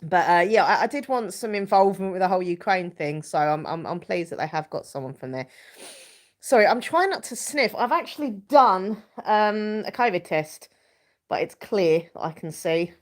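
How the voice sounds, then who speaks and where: A woman's voice: fairly low pitch, lively intonation, normal speed. Chatty woman with a stuffy cold. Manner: chatty, rambling, reads out viewer comments. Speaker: live stream host. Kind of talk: casual live stream chat.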